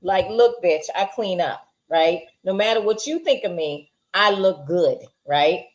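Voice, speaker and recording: A woman's voice: fairly low pitch, animated, measured pace, low-quality recording. A woman co-hosting a casual TV episode review, firmly explaining her view and pushing back on her co-host. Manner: firm, explains and pushes back. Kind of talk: casual chat.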